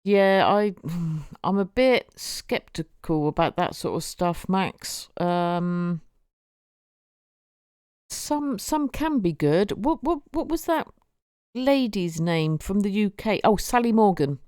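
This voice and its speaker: Slow-talking woman chatting on stream. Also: mid-range voice, animated, darkish tone, clear, resonant tone, no echo, studio quality. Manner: rambling, repeats words, laughs often. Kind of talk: casual live-stream chat.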